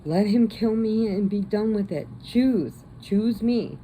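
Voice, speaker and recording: Lady doing a desperate dad voice, louder and higher than her usual, urgent. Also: slow, a little hiss or hum, close to an everyday voice, rough recording. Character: desperate father begging to be sacrificed.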